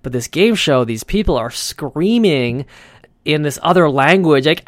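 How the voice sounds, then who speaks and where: A man's voice: fairly high pitch, animated, unhurried, dry recording, clean studio sound. A man hosting a podcast, telling a personal story in a chatty, rambling way with lots of fillers and restarts. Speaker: podcast host. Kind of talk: casual storytelling monologue.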